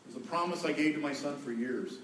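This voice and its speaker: A man's voice: fairly high pitch, quick pace, fairly bright tone, recorded from a distance, slight background noise. Echoey middle-aged preacher man. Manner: folksy, joking storyteller, repeats key words. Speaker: pastor. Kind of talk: sermon on marriage. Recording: echoey hall, voice from afar.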